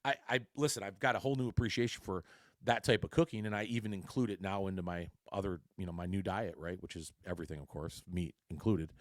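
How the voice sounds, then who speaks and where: A podcast host tells a story solo, blunt and heavily profane, rambling with frequent restarts. He has a low voice with fairly even intonation and talks fast. The studio-quality recording has no room sound.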